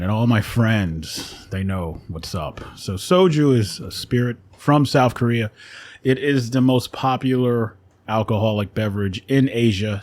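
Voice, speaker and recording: A man, an actor and voiceover artist, chatting as a guest in a radio studio in a relaxed, rambling way and laughing often. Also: medium pitch. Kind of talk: casual conversation.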